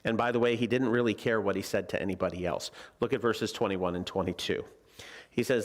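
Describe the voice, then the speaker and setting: A preacher with a voice on the low side speaks a little fast in a steady tone. Teaching the Bible in a church sanctuary, he keeps his sermon conversational and joking, often turning questions to the congregation.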